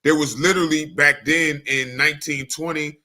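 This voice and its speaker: A man's voice: on the high side, steady tone, moderate pace, bright, forceful tone. A man co-hosting a sports podcast, laying out a reasoned, methodical argument. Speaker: podcast co-host. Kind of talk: sports debate monologue.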